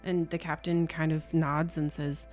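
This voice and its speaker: A woman's voice: deep voice, flat delivery, a little slow, a little mellow, faint music behind. A woman narrating a tabletop game as game master, chatty and stopping often to correct herself.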